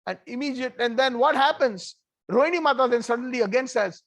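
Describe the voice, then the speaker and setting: A man giving an animated devotional storytelling talk with conversational asides. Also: very high voice, brisk, no room sound. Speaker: devotional speaker.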